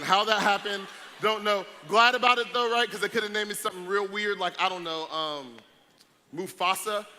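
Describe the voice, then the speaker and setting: High-voiced hype man working a crowd. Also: sharp tone. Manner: playful, hype, joking with audience. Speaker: youth event speaker. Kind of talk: energetic stage talk to a crowd. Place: large event hall with audience. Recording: noisy live event recording.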